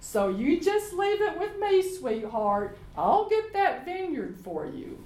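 A woman puts on a scheming queen who dotes on her sulking husband. Her voice is sweet and coaxing, climbing high and swinging wide. A roomy echo hangs around it. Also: big pitch swings, takes it slowly, darkish tone, full character voice. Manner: sweet, coaxing, indignant on his behalf. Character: scheming doting adult queen, coaxing wife.

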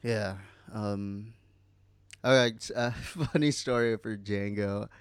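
A man's voice: on the low side, steady tone, takes it slowly, clean tone, no echo, clean studio sound. A man co-hosting a podcast in casual chat, rambling with many fillers and some swearing. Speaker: podcast co-host.

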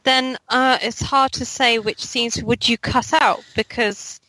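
A woman's voice: a little high, steady tone, slow pace, sharp tone, slight background noise, poor audio. A woman co-hosting a film podcast in casual chat, talking freely with many fillers and restarts. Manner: chatty, lots of likes and restarts. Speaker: podcast co-host.

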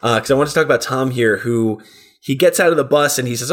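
A man talking loosely in casual chat, with a mid-pitched voice. He rambles, curses freely and drops into goofy impressions now and then. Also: fast talker. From New Jersey area, US. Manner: rambling, profane, breaks into silly put-on voices. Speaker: podcast co-host.

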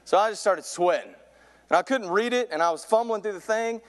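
A man in his thirties preaching a sermon from a church pulpit, telling a comic story and getting louder and higher as it builds. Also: fairly quick. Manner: animated storyteller, voice climbs high in excitement. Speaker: youth pastor preaching.

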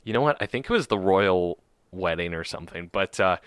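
A man's voice: sits low, lively intonation, brisk, a bit bright, clear, resonant tone, no room sound, clean studio sound. A man telling a casual story on a podcast, laughing often and using fillers. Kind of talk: casual chat.

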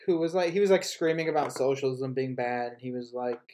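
A man's voice: mid-range voice, fairly quick, a little mellow. A man hosting a casual podcast, joking and swearing, who quotes people in mocking voices. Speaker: podcast host.

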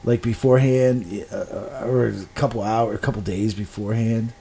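A man's voice: on the low side, steady tone, moderate pace, mellow, a little hiss or hum. A man co-hosting a podcast, talking bluntly in casual chat, with lots of swearing and stammered restarts. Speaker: podcast co-host.

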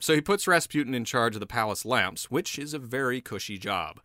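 A man's voice: medium pitch, lively intonation, brisk, sharp tone, no room sound, studio quality. A man co-hosting a casual podcast, telling history with swearing, laughter and mocking put-on voices. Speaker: podcast co-host. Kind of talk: casual history chat while drinking.

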